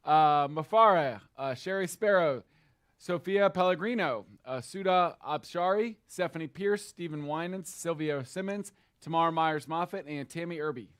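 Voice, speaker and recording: Co-host, male: friendly, enthusiastic talker, voice a touch high. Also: normal speed, a bit bright, clear, resonant tone. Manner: friendly and enthusiastic, laughs easily. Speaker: co-host of a live brokerage sales meeting. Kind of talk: casual live co-hosting and thanking agents. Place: company studio.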